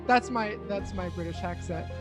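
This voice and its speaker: A woman's voice: medium pitch, moderate pace, over music. A woman hosting a podcast interview, chatting playfully and laughing often. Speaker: podcast host. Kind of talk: casual interview chat.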